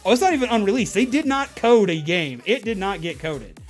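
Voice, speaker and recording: High-voiced man telling rambling stories. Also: brisk, faint music behind. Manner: animated, rambling, frequent restarts. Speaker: streamer. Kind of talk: casual storytelling chat.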